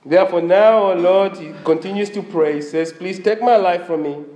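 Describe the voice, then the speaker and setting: Male pastor, high animated delivery, voice a bit strained, echoey church sound. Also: normal speed, dull audio. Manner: animated preaching, asks the congregation questions. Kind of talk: sermon.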